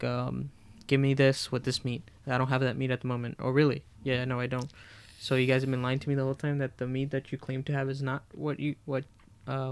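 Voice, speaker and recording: A man's voice: medium pitch, smooth, no room sound. A man co-hosting a podcast in casual chat, telling a work story steadily and giving short agreeing replies. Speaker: podcast co-host.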